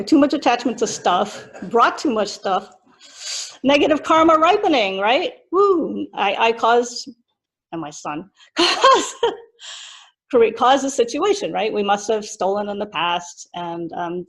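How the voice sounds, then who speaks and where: Middle-aged nun teaching, chatty and laughing, slight vocal fry. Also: female voice, medium pitch, expressive, unhurried, fairly bright tone, poor audio. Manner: chatty, laughs often while telling a story. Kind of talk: casual teaching with a personal story.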